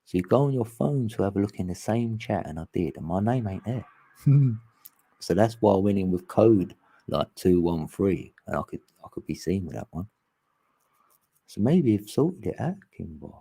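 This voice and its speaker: A man's voice: lowish voice, lively intonation, normal speed, mellow, husky. A man hosting an online group chat, rambling casually and laughing often.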